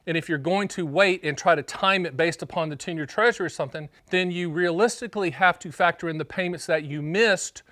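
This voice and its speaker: A man from North Carolina hosting his own show as an annuity agent, talking straight to camera in an energetic, joking, emphatic way. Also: fairly high pitch, brisk, few pauses, no echo, studio quality. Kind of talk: casual direct-to-camera explainer.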